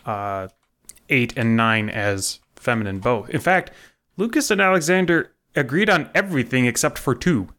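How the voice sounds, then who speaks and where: A man co-hosting a podcast, explaining a point in casual chat with halting restarts. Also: medium pitch, lively intonation, a bit bright. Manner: explains carefully with hesitant restarts. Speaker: podcast co-host.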